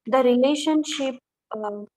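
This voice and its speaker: A woman reading a scripture commentary aloud in a class, steady and even, with brief asides. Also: sits high, measured pace, low-quality recording.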